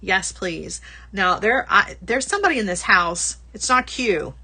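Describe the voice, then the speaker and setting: A woman's voice: medium pitch, lively intonation, measured pace, gravelly, pushed and bright, breathy edge. A woman hosting a casual livestream product showcase, chatty and bubbly, laughing often and gushing over small items. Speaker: host.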